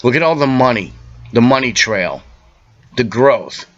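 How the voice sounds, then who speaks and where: A man talking straight to the camera in an urgent, insistent monologue, lecturing the listener and halting often with fillers. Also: mid-range voice, lively intonation, a bit bright, lo-fi sound. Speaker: self-made video speaker.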